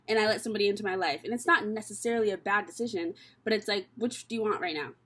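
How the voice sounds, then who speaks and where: A woman's voice: medium pitch, fairly bright tone. Chatty, candid young woman reading tarot. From Canada. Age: young adult. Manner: candid, profane and chatty, thinking aloud. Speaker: tarot reader. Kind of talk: casual tarot reading vlog.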